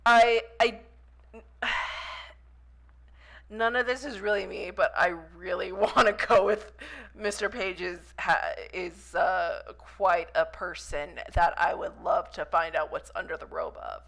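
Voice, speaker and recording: A young adult woman streaming a story game. She reads the game text aloud and gushes loudly over the characters, giggling often. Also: on the low side, takes it slowly, gravelly. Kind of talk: let's play commentary, reading game text aloud.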